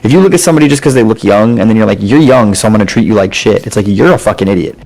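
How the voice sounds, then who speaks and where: A man around thirty talks casually with a gaming buddy, blunt, opinionated and quick to swear. His voice sits on the lower side. Faint game music runs underneath. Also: lively intonation, creaky, darkish tone, low-quality recording. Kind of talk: casual chat.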